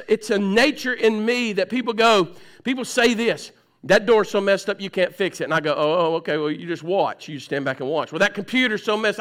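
Preacher guy in his 40s, high bright voice, acts out his own stories. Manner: animated storytelling, acts out his own dialogue. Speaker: pastor. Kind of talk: sermon.

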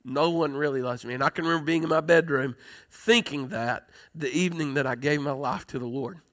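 A man delivers an impassioned sermon in a high, bright, ringing voice. He rises to emphatic, drawn-out declarations, then drops into hushed, tender stretches. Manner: impassioned preaching, swinging from loud emphatic peaks to hushed, tender passages. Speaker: pastor.

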